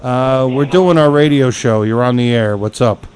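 A man's voice: medium pitch, normal speed, darkish tone, a little hiss or hum. A middle-aged man hosting a radio show, telling rambling, profane stories in casual chat.

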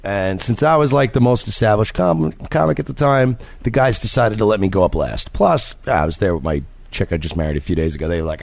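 A man's voice: lowish voice, a little fast, vocal fry, few pauses, dry recording. A young man, a comedian, telling a profane story in casual chat and acting out voices. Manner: profane, animated, acts out voices.

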